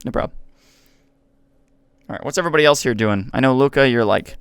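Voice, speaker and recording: A man's voice: medium pitch, fast talker, gravelly, smooth, no echo. A man running a tabletop game as game master, explaining the rules patiently in an easygoing way.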